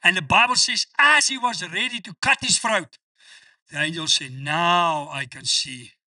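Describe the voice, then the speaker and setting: A male pastor preaching a sermon, reading scripture slowly with strong emphasis and acting out the voices of people in his stories. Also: high-pitched, bright, forceful tone, no echo, far from the mic. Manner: emphatic preaching, quotes scripture with slow stressed delivery.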